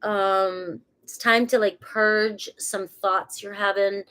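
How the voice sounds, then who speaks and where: A woman's voice: medium pitch, fairly even intonation, takes it slowly, a bit bright, a little hiss or hum. A woman with a cold, a tarot reader who gives a casual, rambling reading and laughs at herself as she talks. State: has a cold.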